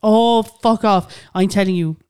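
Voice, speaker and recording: A woman's voice: mid-range voice, steady tone, measured pace, mellow, smooth, no echo, clean studio sound. A young woman co-hosting a podcast in casual chat, ranting bluntly and swearing freely. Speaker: podcast co-host.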